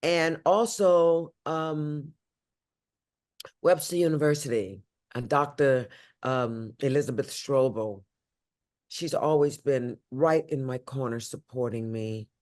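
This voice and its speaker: An older woman from St. Louis, a guest talking emotionally in an interview, swinging from loud high exclamations to low hushed tones. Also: slow pace. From St. Louis, USA.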